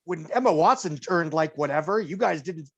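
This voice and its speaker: A man's voice: on the high side, lively intonation, normal speed, muffled recording. A man co-hosting a podcast, giving a box office report in casual chat, wry and digressive, slipping dry jokes between figures.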